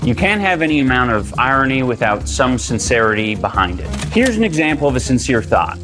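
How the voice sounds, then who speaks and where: A man's voice: mid-range voice, sing-song, fairly quick, hardly any pauses. A man narrating a documentary in a dry, sardonic explaining tone. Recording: narration with loud background music.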